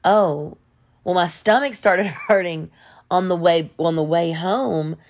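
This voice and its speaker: A woman quoting a calm, unashamed man in his late fifties, matter-of-fact in tone, in a storytime vlog. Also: fairly low pitch, slow pace.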